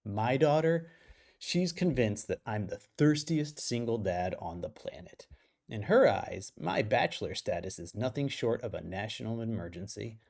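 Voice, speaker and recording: A man's voice: on the low side, lively intonation, moderate pace, creaky, darkish tone. A man reading his own humorous article aloud, playful and self-mocking, breaking off for casual side remarks.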